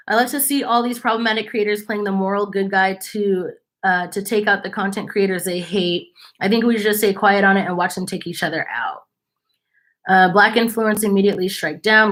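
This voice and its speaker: A young adult woman hosting a casual commentary channel, chatty and animated, mimicking people as she quotes them. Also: mid-range voice.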